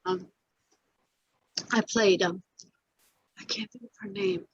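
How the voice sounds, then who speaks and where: Older lady chatting about her acting gigs, husky, lots of ums and restarts, lo-fi sound. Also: mid-range voice, steady tone, slow pace, no echo. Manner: rambling, many restarts and fillers, laughs often. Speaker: actress interviewee. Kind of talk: casual interview recollection.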